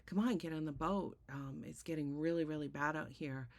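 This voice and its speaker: A woman plays a friendly rescuer in a boat, casually urging a stranded man to come aboard. The voice is low and gravelly, and the tone is easygoing. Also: moderate pace.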